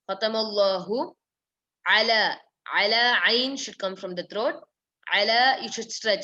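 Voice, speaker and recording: A woman teaching a live online recitation lesson, repeating words slowly and correcting pronunciation step by step. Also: mid-range voice, bright, forceful tone. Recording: dull lo-fi stream audio.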